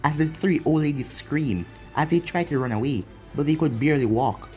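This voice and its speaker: A man's voice: fairly high pitch, a little fast, faint music behind. A man casually reading a fan-made story aloud and signing off with channel plugs. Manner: animated, sign-off plugging. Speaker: fan-fiction narrator.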